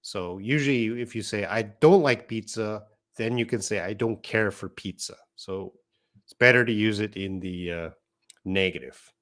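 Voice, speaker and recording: A man's voice: fairly low pitch, moderate pace, a bit bright. A man teaching an English lesson on a live stream, reading out viewer comments and explaining patiently.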